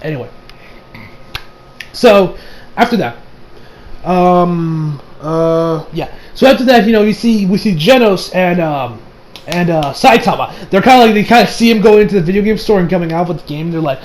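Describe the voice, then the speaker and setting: A man's voice: high-pitched, lively intonation, normal speed, a little hiss or hum, low-quality recording. A young man casually recapping an anime episode, rambling with lots of fillers and laughs. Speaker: anime reviewer.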